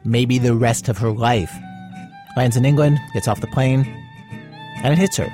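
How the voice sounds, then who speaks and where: A man hosting a radio show, narrating a guest's story in a measured, wry way and asking her questions. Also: medium pitch, dark tone, soft background music. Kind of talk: scripted radio narration and interviewing.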